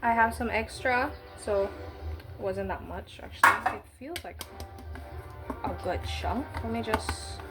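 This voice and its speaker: A woman's voice: on the high side, measured pace, over loud music. A woman chatting casually as she bakes, with cheeky slangy asides. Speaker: baking vlogger. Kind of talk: casual baking vlog.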